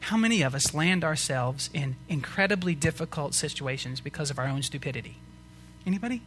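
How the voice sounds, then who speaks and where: A man's voice: fairly high pitch, expressive, fairly quick, a bit bright, faint music behind. A man preaching a sermon as pastor, earnest and rising to emphatic questions to the congregation.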